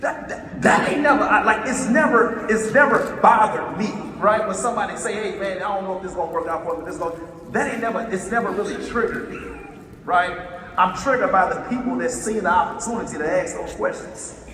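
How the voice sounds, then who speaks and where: A man speaks from a stage in an animated, storytelling way, his voice high and bright for a man. He was recorded from the audience in a big hall, so heavy echo and a long reverb hang on every word, with some faint noise around him. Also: a little fast. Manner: animated storytelling, repeats himself. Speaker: conference speaker. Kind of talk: motivational stage talk. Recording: echoey hall, taped from the audience.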